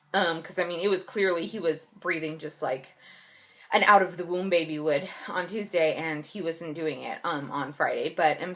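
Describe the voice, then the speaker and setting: A woman's voice: on the low side, fairly bright tone. Chatty pregnant young woman. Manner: chatty storytelling, mimics people sarcastically; many fillers and restarts. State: late in pregnancy. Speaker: vlogger. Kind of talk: casual pregnancy update chat.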